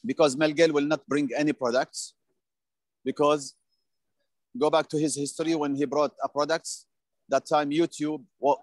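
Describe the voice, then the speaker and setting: A man's voice: fairly high pitch, no room sound. A man confidently telling his business story in slightly non-native phrasing. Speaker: team member giving a testimony. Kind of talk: testimonial speech.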